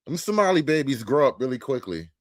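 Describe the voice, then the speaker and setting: A man's voice: medium pitch, big pitch swings, fast talker, no room sound, clean studio sound. A man giving a casual, profane, joking commentary as the host of a reaction show.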